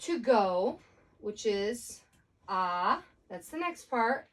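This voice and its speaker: A woman's voice: medium pitch, big pitch swings, drawn-out words, distant mic. A woman Spanish teacher giving a casual recorded lesson, explaining grammar step by step with many fillers.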